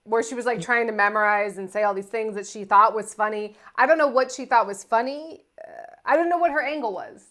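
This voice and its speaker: A woman's voice: fairly high pitch, a little fast, fairly bright tone. A woman co-hosting a casual review chat who often acts out quotes in put-on voices. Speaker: podcast co-host.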